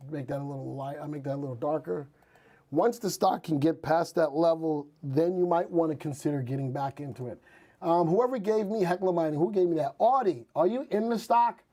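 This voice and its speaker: Male market host, slightly high and mellow voice, casual live chart commentary. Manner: chatty, reads out viewer stock picks.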